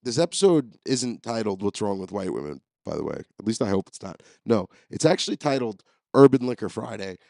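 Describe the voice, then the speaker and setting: A man's voice: fairly low pitch, sing-song, a little fast, creaky, hardly any pauses, mellow, dry recording, studio quality. A man hosting a podcast, telling rambling, profane, jokey stories as a comedic solo monologue. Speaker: podcast host.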